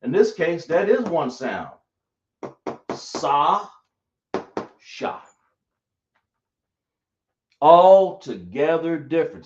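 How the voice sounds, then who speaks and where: A man teaching a class live, explaining slowly and repeating himself as he checks that everyone follows. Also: a little high, a little mellow, a little hiss or hum. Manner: slow, repetitive explaining, checking the class often. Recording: echoey room, dull lo-fi sound.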